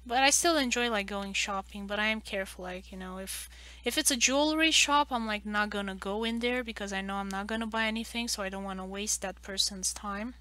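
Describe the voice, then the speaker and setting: A woman's voice: mid-range voice, a little fast, pushed and bright, no echo. A young woman from Romania, chatting casually and rambling with lots of fillers while she draws on a live stream. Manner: rambling, loose, full of "like" fillers and restarts. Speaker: artist streaming a live drawing session. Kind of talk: casual chat while drawing.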